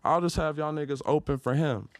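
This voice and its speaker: A young man from Detroit, a podcast guest telling a story in casual slang and jumping into loud, high-pitched retellings. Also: brisk, no echo, clean studio sound.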